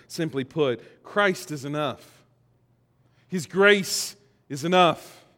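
Folksy preacher man in a reverberant hall. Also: a little high. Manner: folksy, jokes, leads congregation in call-and-response. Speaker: pastor. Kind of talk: sermon. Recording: long reverb of a large hall.

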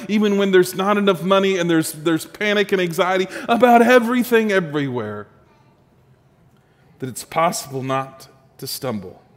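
A male pastor preaching a sermon, telling a story with rising emphasis and then dropping soft and low. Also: in a large hall.

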